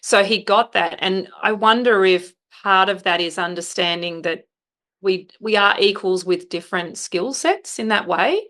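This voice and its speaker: A woman's voice: medium pitch, a little slow, fairly bright tone. A woman hosting a podcast, speaking frankly and assertively, with some fillers. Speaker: podcast host. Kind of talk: conversational interview.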